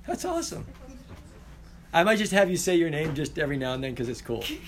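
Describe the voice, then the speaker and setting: A man teaching in a classroom, playful and animated. His pitch jumps up and down as he calls names and banters with the students. It sounds like casual roll call on the first day. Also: quick pace, noisy background.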